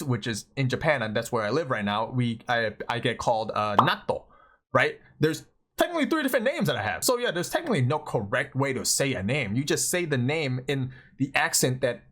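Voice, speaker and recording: Young man, Thai native, mid pitch, casual exasperated vlogger rant. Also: brisk. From Thailand. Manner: animated, exasperated ranting with frequent "like" and "bro". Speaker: anime commentary vlogger. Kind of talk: casual opinion vlog.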